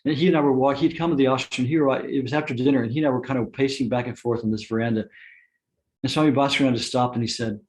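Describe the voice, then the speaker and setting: Man, spiritual teacher, satsang talk, anecdotal, restarts, soft laughs. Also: medium pitch, steady tone, racing. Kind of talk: satsang talk with personal stories.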